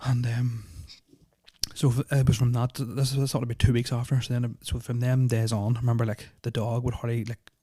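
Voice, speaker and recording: A man's voice: medium pitch, little pitch movement, a little fast, mellow, dry recording, clean studio sound. A young man, telling a personal story on a podcast in a rambling, nervous way, full of fillers and swearing. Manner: nervous, uneasy retelling. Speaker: podcast host. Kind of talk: casual storytelling of personal experiences.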